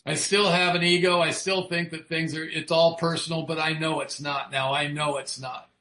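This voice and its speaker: A man's voice: on the high side, little pitch movement, moderate pace, pushed and bright, reverberant. A man speaking frankly about recovery, swearing freely and asking his listeners rhetorical questions. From United States. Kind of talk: recovery talk.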